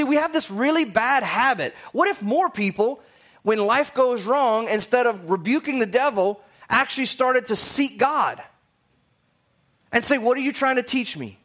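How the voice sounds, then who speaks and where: A man's voice: very high voice, a bit bright. A man teaching a casual sermon, conversational and rambling with jokey asides.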